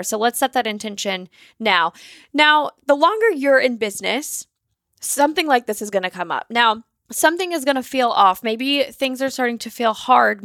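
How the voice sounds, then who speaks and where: A woman's voice: fairly high pitch, a bit bright, no room sound, studio quality. A woman, hosting her own podcast in a bubbly, chatty way, casually swearing and saying "like" often. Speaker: podcast host and business mentor.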